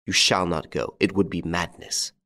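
A bold gentleman rescuer who speaks firmly and persuasively, giving his word, as a man reads him in a storybook. The voice sits low and steady. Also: normal speed. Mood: insistent.

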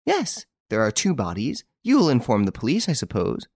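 A man reading aloud and voicing an anxious, impulsive young woman who talks in an excitable, insistent way. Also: very deep voice, moderate pace, slightly rough, no room sound, studio quality, voice pushed up, heavily acted.

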